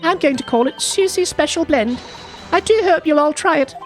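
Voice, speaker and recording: A woman's voice: sits high, normal speed, faint music behind, voice pushed up, close to an everyday voice. A woman voicing a sweet, cheerful young girl in a game dub, speaking politely and eagerly.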